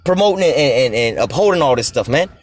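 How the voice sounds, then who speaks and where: Angry black guy ranting at a clip, cussing nonstop, talks fast. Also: medium pitch, animated. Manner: profane, heated, preachy, addresses the clip directly. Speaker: commentator reacting to a clip.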